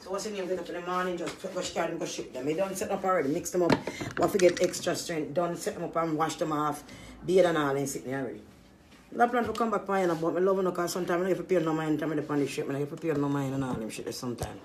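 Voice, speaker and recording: A woman's voice: low-pitched, quick pace, slight background noise. A woman, a small business owner venting in an angry, profane monologue. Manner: irritated, profane ranting.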